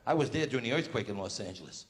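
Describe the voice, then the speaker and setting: Brash New stand-up comic, echoey club. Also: male voice, mid-range voice, expressive. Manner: brash rapid-fire joke delivery, putting on characters' voices. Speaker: stand-up comedian. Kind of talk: stand-up comedy routine. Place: stage before a live audience. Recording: echoey live club sound with room reverb.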